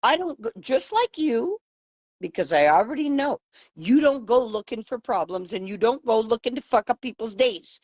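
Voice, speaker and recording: An outspoken woman talks bluntly in a casual conversation and swears without holding back. Her voice sits high and swings widely in pitch, and the recording is dry and close. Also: sing-song, moderate pace, a little mellow, no room sound, dull audio. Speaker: host and life coach. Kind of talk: casual chat.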